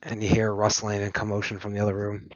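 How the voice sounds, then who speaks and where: A man's voice: fairly low pitch, monotone, quick pace, no room sound. A man narrating as game master of a tabletop game, describing scenes loosely with fillers and chuckles. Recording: dull lo-fi dry mic.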